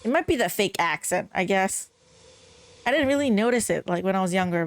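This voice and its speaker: A woman's voice: mid-range voice, expressive, fairly quick, no echo. A young woman giving casual gaming commentary, rambling and exasperated, full of "like" fillers as she picks apart a game's voice acting. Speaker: game streamer.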